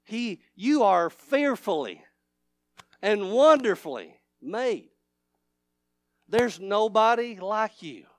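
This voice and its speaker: Preacher, male, high voice, dry close sound; fervent, repetitive, shifts from shouting to hushed. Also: very animated, takes it slowly, pauses often, no room sound. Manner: swings from loud shouting to hushed, low intimate talk. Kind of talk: revival sermon.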